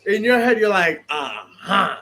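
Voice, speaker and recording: A man's voice: sits high, animated, a little fast, fairly bright tone. A man co-hosting a podcast in casual chat, talking animatedly, repeating himself and laughing often. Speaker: podcast co-host.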